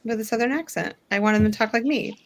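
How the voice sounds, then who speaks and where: A woman and mother chatting casually on a podcast, frank and quick to laugh. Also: fairly high pitch, a little hiss or hum. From northern US. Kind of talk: casual chat.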